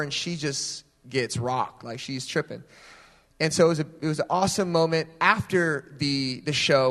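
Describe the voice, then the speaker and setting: A young adult man preaching a sermon, telling personal stories in a casual, animated way. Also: a little high. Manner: animated storytelling, casual phrasing. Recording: long hall reverb.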